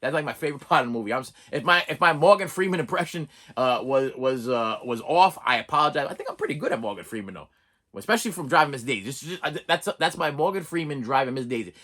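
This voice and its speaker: Animated, chatty male vlogger. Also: medium pitch, fast talker. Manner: chatty and animated, with frequent restarts and asides. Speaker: channel host and reviewer. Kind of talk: casual rambling vlog chat.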